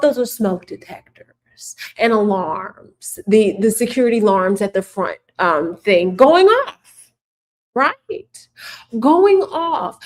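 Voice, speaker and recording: A woman's voice: a little high, big pitch swings, slow pace. A woman hosting casual political commentary, sarcastic and emphatic, repeating her points for the viewers.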